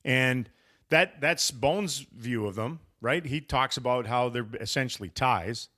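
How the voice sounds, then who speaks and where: A man's voice: medium pitch, unhurried, pushed and bright. A man hosting a casual sports podcast, talking in a wry, teasing, rambling way. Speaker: podcast host.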